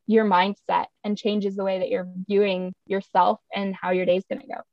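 A woman's voice: medium pitch, level tone, moderate pace, no echo, muffled recording. A young woman talking casually on a podcast, chatty and laughing often, acting out her own voice when quoting herself. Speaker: podcast guest.

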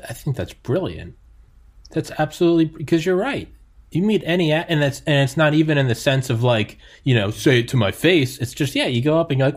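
A man's voice: mid-range voice, expressive, fairly quick. Slangy, enthusiastic male podcast host. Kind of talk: casual conversation.

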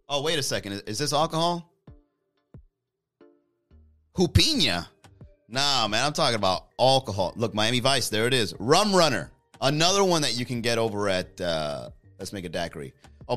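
A man's voice: mid-range voice, pushed and bright. A man hosting a livestream in casual chat, joking and rambling and laughing often. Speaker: livestream host.

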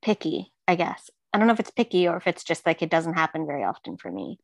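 Candid woman, lowish voice. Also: sing-song, quick pace, gravelly, no room sound. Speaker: client getting a reading. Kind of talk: casual one-on-one conversation.

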